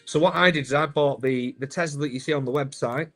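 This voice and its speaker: A man's voice: a little high, fast, a bit bright, faint music behind. A man, hosting a live stream, chatty and upbeat, calling viewers "mate". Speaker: host.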